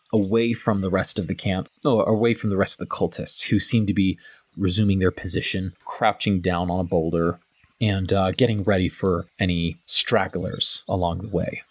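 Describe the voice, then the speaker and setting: A man narrating a tabletop game as game master in a relaxed, descriptive way. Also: on the low side, no room sound.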